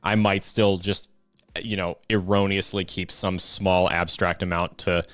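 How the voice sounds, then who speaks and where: A man's voice: sits low, level tone, unhurried, fairly bright tone, dry recording, soft background music. A man co-hosting a casual live-stream show, telling stories with lots of fillers and restarts. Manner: rambling storyteller, many fillers and restarts. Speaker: co-host.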